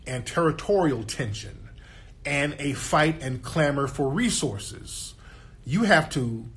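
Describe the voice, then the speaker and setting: A man speaking as a guest in a casual monologue, emphatic and streetwise, often cursing and asking the listener for agreement. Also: mid-range voice. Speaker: guest commentator.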